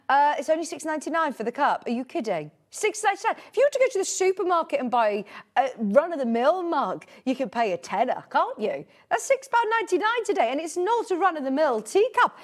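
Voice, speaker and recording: A woman's voice: high voice, sing-song, quick pace. A British woman in her thirties presenting a live home shopping show, keeping up a bubbly, chatty sales patter. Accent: British English.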